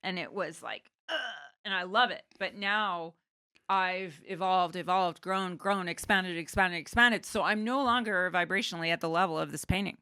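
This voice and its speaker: A woman's voice: lowish voice, moderate pace, bright, forceful tone, clean tone, no room sound, clean studio sound. A woman from Canada, an artist guest, talking earnestly and enthusiastically about energy and creativity in a casual chat. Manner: earnest, spiritual, enthusiastic, talks of energy and vibration.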